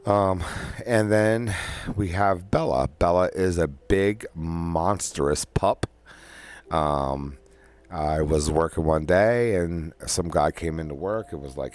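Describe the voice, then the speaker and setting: Deep-voiced man, slow and rambling, easygoing monologue, with the hiccups. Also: darkish tone. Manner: rambling with many ums and restarts. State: has the hiccups. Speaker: podcast host. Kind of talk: casual personal monologue.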